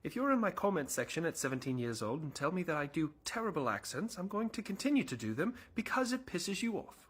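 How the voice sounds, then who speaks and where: A man's voice: on the high side, sing-song, fast, a bit bright, slightly rough. Sarcastic man narrating a comedy sketch. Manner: sarcastic asides. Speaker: comedy creator.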